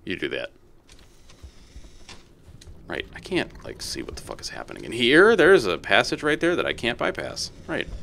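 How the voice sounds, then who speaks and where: A man streaming a game, chatting casually with viewers and talking to the creatures on screen, swearing and excitable. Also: medium pitch, a little fast, vocal fry, hardly any pauses, a little hiss or hum. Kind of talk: casual gameplay commentary.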